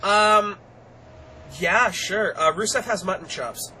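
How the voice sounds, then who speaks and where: A young woman co-hosting a casual wrestling review podcast, animated and quick to laugh, swearing constantly. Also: mid-range voice, slight background noise, poor audio. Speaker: podcast co-host.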